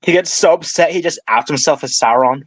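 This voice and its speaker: A man's voice: fairly high pitch, brisk, breathy edge, no echo. A man co-hosting a podcast, complaining sarcastically about a TV show in casual chat. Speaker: podcast co-host.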